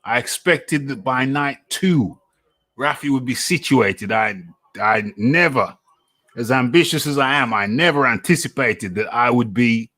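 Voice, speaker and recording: Bright-sounding guy hosting, joking around, says his punchlines twice. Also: medium pitch, a little slow. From England. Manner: laughing, repeats lines for effect. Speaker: host. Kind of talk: casual banter.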